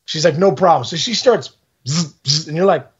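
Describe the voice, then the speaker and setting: A man in his forties hosting a podcast, telling a story in casual chat, excitable and exaggerating, laughing at his own tale. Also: on the high side, normal speed, slightly rough, dull audio. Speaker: podcast host.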